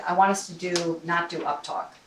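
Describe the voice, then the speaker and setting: A woman's voice: fairly low pitch, steady tone, moderate pace, a bit bright. Woman delivering a club evaluation report, loose and chatty, recorded from across a roomy hall. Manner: conversational, with many restarts and fillers. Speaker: general evaluator and timer at a speaking club. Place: meeting room. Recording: roomy, distant mic with faint noise.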